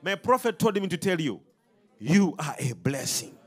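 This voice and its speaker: A man preaching a sermon to a congregation, animated and full of call-and-response questions. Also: a little high, moderate pace, husky.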